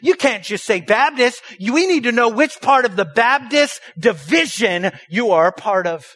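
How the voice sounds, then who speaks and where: A man preaches with a high, ringing voice and a dry, close sound. He fires off rhetorical questions and has the congregation repeat his lines back to him. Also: animated, moderate pace, a bit bright, no room sound. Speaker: pastor. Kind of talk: sermon.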